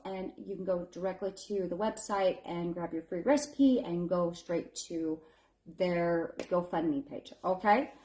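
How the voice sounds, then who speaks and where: Chatting casually on a live stream, a home baker in her thirties runs a fundraiser bake, encouraging viewers, calling them honey and confessing her nerves. She speaks in a mid-range voice with a darkish tone.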